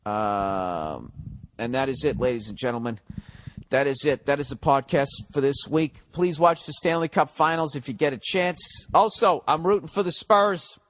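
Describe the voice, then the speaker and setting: A man's voice: medium pitch, moderate pace, slight background noise. A man hosting his own podcast, talking in a casual, rambling monologue that is blunt, joking and full of swearing. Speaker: podcast host.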